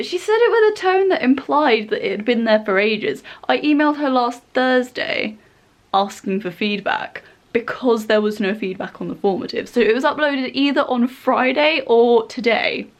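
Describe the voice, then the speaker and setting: Young woman, vlogger, fairly high voice, exasperated, chatty, casual. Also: lively intonation, moderate pace. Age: young adult. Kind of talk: casual vlog chat. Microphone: compact camera.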